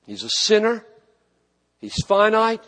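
A man preaching a sermon with passion, swinging from loud emphatic repetitions to hushed, low phrases. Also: very animated, slow pace. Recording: long hall reverb.

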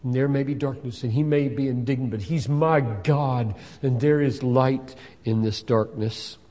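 A male pastor preaching a sermon with emphasis, building up to loud fervent peaks. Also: medium pitch, a little slow. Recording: long hall reverb.

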